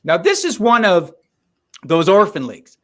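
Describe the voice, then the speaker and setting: A man's voice: high-pitched, moderate pace. A man co-hosting a podcast in casual chat over drinks, joking and swearing. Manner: animated, joking and profane. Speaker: podcast co-host.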